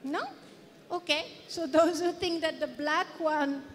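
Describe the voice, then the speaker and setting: A high-voiced woman with a French accent gives a playful lecture, quizzing the audience as she goes. She speaks slowly, taking her time. Her voice carries a long reverb from a large hall. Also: steady tone, fairly bright tone. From France. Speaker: guest lecturer. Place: conference hall.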